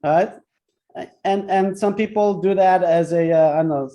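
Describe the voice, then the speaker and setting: A man with a high, mellow voice teaches a Torah class at a moderate pace. He's chatty and interactive, cracking jokes and repeatedly checking in with "right?"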